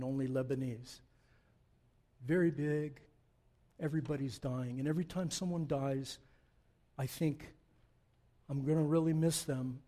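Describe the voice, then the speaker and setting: A man in his sixties preaching a sermon, swinging between loud emphatic declarations and quiet, reflective asides. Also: medium pitch. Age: 60s. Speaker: pastor.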